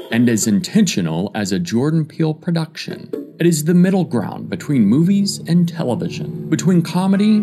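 A man reading a solemn, scripted show intro in a contemplative narrator's manner. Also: fairly high pitch. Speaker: announcer. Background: loud guitar music.

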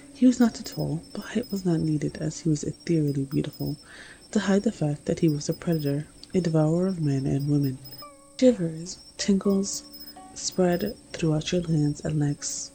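A woman narrates a second-person romance story in a low, dark, gravelly voice. Her delivery is intimate and hushed, close and unhurried. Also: soft background music, poor audio. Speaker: reader.

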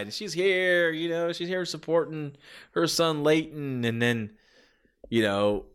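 Man, podcast host, casual rambling review, lots of fillers, mid-pitched voice. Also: a bit bright. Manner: rambling, many filler phrases and restarts.

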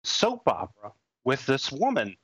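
Guy co-hosting a podcast, rambly and jokey, laughs at himself, middle pitch, dry close sound. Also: huge pitch swings, unhurried, a bit bright, slightly rough, no echo, low-quality recording. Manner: rambling, self-mocking, chuckles often. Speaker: podcast co-host. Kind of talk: casual chat.

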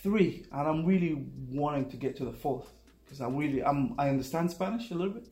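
A young man, a native Arabic speaker, telling his story in a relaxed, casual conversation and acting out the people he quotes. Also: on the high side, brisk, roomy sound. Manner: relaxed, uses "like" and "bro", acts out quotes. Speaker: guest.

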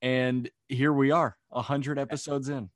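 A man's voice: medium pitch, flat delivery, a little slow, dry recording, clean studio sound. A man co-hosting a podcast, talking in a wry, joking way. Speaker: podcast co-host. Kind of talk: casual chat.

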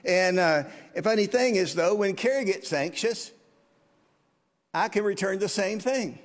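Man in his 50s preaching, high voice, long church echo, earnest and chatty. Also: lively intonation, unhurried. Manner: earnest, conversational, asks the congregation questions. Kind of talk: sermon. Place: church sanctuary.

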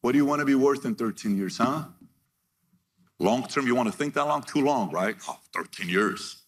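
A man giving a motivational keynote to a live audience, energetic and punchy, reading figures out in short bursts and firing questions at the crowd. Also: medium pitch, fairly quick. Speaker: keynote speaker.

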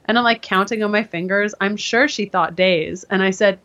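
A woman guest in an interview, telling her story in a casual, animated way and acting out what others said to her. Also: mid-range voice, a little fast, few pauses. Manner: animated, acts out quoted voices. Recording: dull lo-fi sound.

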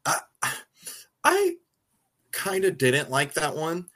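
Giggly man reacting expressively. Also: takes it slowly. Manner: giggly, expressive, jumps up in pitch when reacting. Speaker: podcast co-host. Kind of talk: casual chat recapping a movie.

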